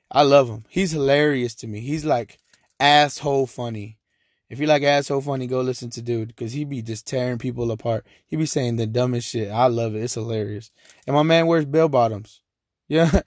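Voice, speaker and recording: A man's voice: medium pitch, no echo, studio quality. A man with a Texan accent hosting a casual solo podcast, talking loosely and profanely with lots of laughing asides. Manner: loose, profane, animated storytelling with frequent laughs. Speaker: podcast host.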